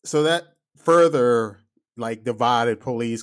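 A man's voice: mid-range voice, unhurried, vocal fry. A man who is a police officer, talking through his opinions in a casual podcast monologue, emphatic and full of rhetorical asides. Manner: animated, emphatic, rhetorical "right?" asides and acted-out quotes.

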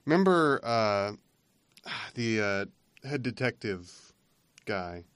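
A man's voice: mid-range voice, sing-song, slow, clear, resonant tone, no room sound, studio quality. A man co-hosting a podcast, chatting casually and rambling as he laughs through his retelling. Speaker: podcast co-host. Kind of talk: casual chat.

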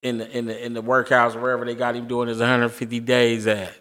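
A man's voice: mid-range voice, completely flat delivery, a little fast, a bit bright, long reverb tail. A man co-hosting a casual podcast, joking, cutting in and cursing freely. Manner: jokey, profane, jumps in often. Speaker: podcast co-host. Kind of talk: casual chat.

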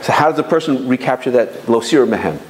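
A middle-aged man giving an informal Torah lecture, animated, often repeating words as he goes. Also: medium pitch, fast talker, low-quality recording. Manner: animated, repeats words, mixes Hebrew and Yiddish terms. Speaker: rabbi giving a Torah class.

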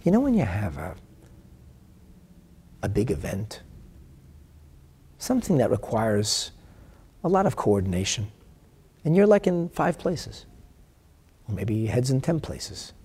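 Guy teaching a torah class, mid-pitched raspy voice, gets loud then goes all whispery, asks lots of questions. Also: wildly swooping pitch, a little slow, pauses often. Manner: emphatic, swings from loud declaiming to hushed whispers. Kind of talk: religious lesson.

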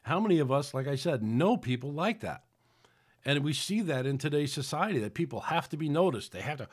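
A man's voice: mid-range voice, lively intonation, brisk. A man preaching on a podcast in a rambling, conversational way, with many restarts. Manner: rambling, with frequent restarts and acted-out quotes. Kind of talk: sermon-style podcast talk.

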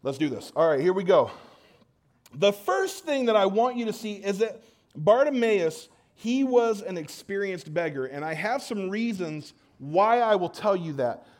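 A man with a notably high, light voice preaches at a church service. He talks casually and with energy, teasing and rousing the crowd, and often stumbles and restarts mid-sentence. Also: unhurried. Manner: energetic, joking, audience call-and-response; conversational with frequent restarts.

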